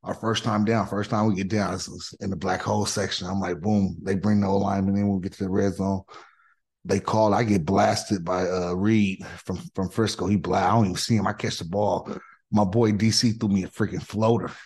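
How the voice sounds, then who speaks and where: A middle-aged man, a former pro football lineman, telling excitable stories with slang in a podcast chat. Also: low voice, a little fast, husky. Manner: animated, excitable storytelling with slang. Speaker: podcast guest, former NFL offensive tackle. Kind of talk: casual storytelling.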